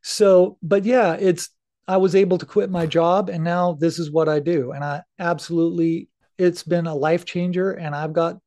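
High-voiced earnest middle-aged man. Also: level tone, moderate pace, dark tone. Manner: earnest, candid, swears casually. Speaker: podcast guest. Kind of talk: casual interview talk.

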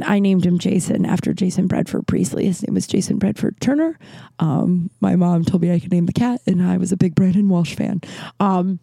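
A woman's voice: mid-range voice, creaky, warm tone, no room sound. A woman in her thirties hosting a show, telling a personal story in a candid, rambling way, full of "like" and "you know".

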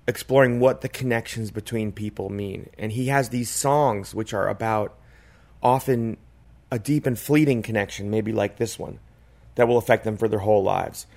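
A man's voice: lowish voice, fairly even intonation, normal speed, creaky, a little mellow. A man in casual podcast chat, talking in a reflective, rambling way with many "like" and "you know" fillers. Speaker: podcast co-host.

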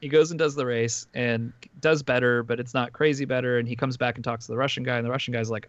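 A man's voice: medium pitch, fairly even intonation, fast, hardly any pauses, no echo. Guy rambling thru a story on a podcast, lots of uhs and likes, kinda muffled dry mic. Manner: rambling, filler-heavy storytelling with frequent restarts. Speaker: podcast host recapping a documentary. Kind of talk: casual chat.

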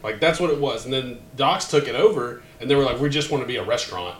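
A man, a guest on a podcast, chatting excitedly and swearing between laughs. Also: medium pitch, quick pace. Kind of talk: casual podcast chat. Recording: echoey room with faint background noise.

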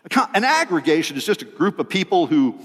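A male pastor preaching a sermon to a congregation, animated and joking with them. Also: a little high, fast, in a large hall.

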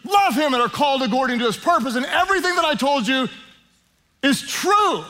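A pastor putting on a loud, fervent country preacher voice in a revival cadence. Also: male voice, very high-pitched, expressive, a little fast, voice pushed up, heavily acted. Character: booming fiery male country preacher.

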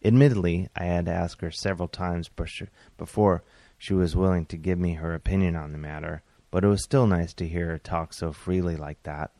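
A man, a comedian and author, reading his own comic story aloud in a wry, deadpan way with bursts of exasperation. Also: sits low, brisk, no room sound.

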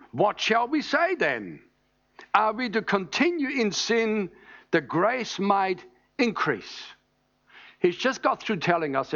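A high-pitched man delivers a sermon, teaching with emphasis and pausing to check in with his listeners. The recording sounds dull and muffled. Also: a bit bright. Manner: emphatic, teaching, asks "All right?" often. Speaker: preacher.

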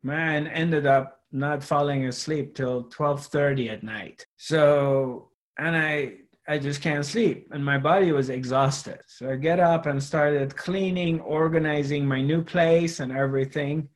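A man's voice: fairly high pitch, fairly even intonation. A middle-aged man giving an earnest spiritual talk, repeating phrases as he goes. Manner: slow, earnest, repetitive. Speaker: spiritual teacher.

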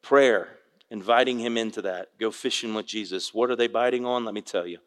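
An older man preaching a sermon, a pastor telling a fishing story with folksy, animated delivery and acting out the voices of the people in it. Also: fairly low pitch, brisk, big-room sound. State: tearful at moments.

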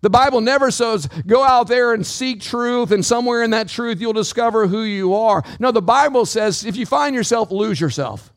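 A man with a high voice preaches a sermon from the pulpit, calling out to his congregation. His delivery swings in pitch and pace, and his voice sounds dry and close. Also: moderate pace, few pauses, dry recording. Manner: preaching with call-outs to the congregation. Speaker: pastor.

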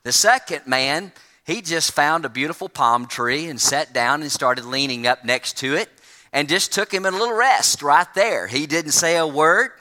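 A man's voice: on the high side, animated, moderate pace, sharp tone. A male pastor preaching a sermon, telling a folksy story to his congregation. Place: church sanctuary. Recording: long church reverb.

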